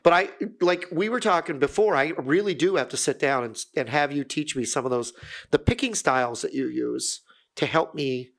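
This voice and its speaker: A man's voice: on the high side, moderate pace, vocal fry, fairly bright tone. A man co-hosting a casual podcast chat, rambling and self-deprecating, with many fillers and restarts. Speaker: podcast co-host.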